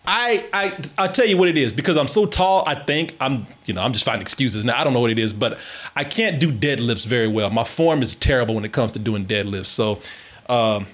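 A man's voice: mid-range voice, expressive, fairly quick, a bit bright. A man telling a story in casual chat, swearing often, laughing a lot and restarting his sentences.

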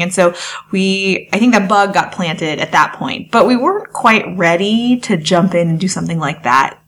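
A young woman guest on a podcast, chatting and telling her story in an animated way, acting out past conversations. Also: lowish voice. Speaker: podcast guest, wedding photographer. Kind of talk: casual interview chat.

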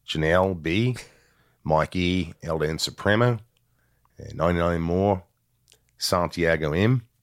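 A man with a very deep voice hosts a casual podcast, working through lists of names at an even clip. The sound is dry and close, with no room around it. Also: unhurried, pauses often, no room sound. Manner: rattles off long name lists in a steady deadpan. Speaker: podcast host. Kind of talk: casual chat, reading patron names.

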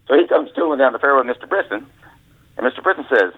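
A man's voice: mid-range voice, animated, brisk, dry recording. A man, an author and former caddy, telling rambling, folksy stories as a guest over the phone. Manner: rambling, folksy storyteller with restarts. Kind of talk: storytelling phone interview. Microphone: telephone. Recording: tinny phone line, dry.

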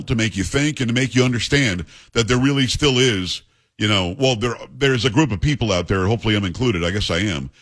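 Man, talk radio host, blunt, opinionated, husky, studio mic. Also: on the low side, a bit bright. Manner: blunt, opinionated, rapid asides. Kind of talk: talk radio monologue and call-in. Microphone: studio microphone.

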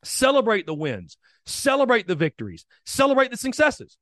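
A man's voice: very high voice, huge pitch swings, moderate pace, fairly bright tone, dry recording, studio quality. A man hosting a sports podcast, talking energetically and with strong opinions, speaking straight to his listeners. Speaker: podcast host.

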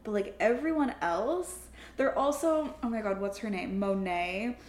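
A woman's voice: medium pitch, measured pace. A young woman chatting casually as a podcast co-host, her voice sitting in the middle of the range. She talks loosely, full of "like" fillers, and the recording carries a roomy echo. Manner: chatty, frequent "like" fillers, animated laughter. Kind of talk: casual chat.

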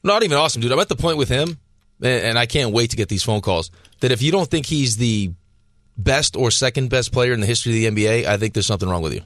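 A man's voice: mid-range voice, expressive, fast, fairly bright tone, no room sound. A man cohosting a casual sports radio show, teasing his partners and giving emphatic opinions.

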